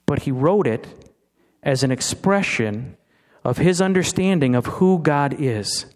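With an animated, unhurried delivery, a middle-aged pastor preaches in a conversational style, asking his congregation questions and stumbling through restarts. His voice runs somewhat high.

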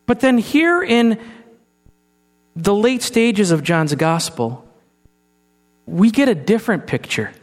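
A man preaching a sermon, talking to his congregation with rhetorical questions and sometimes sinking into a hushed, solemn tone. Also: high voice, very animated, slow pace, pauses often. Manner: drops to a soft, hushed tone for solemn passages. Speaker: pastor. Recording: hall reverb with mains hum.

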